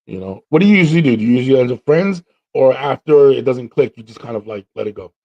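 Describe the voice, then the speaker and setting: Male podcast host, casual slangy storyteller, mid pitch, slightly dull lo-fi sound. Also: fast talker. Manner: animated, slangy, acts out quotes.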